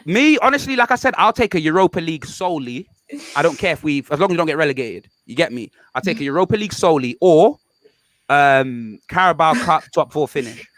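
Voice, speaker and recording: A young man, chatting casually about football on a video call stream, loud and jokey, full of slang. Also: fairly high pitch, fast, no echo. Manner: loud, jokey and animated, heavy London slang. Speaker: guest.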